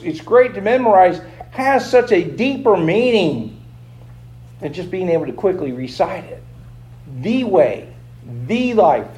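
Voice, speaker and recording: A man preaching a sermon, emphatic, slowing down and repeating key phrases to drive them home. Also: high voice, darkish tone, low-quality recording.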